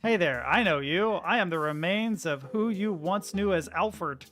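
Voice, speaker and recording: A man's voice: sits high, lively intonation, a little slow, a bit bright, faint music behind, heavily acted. A man reading out the lines of what remains of a money-eating game creature, in a wry, offhand delivery.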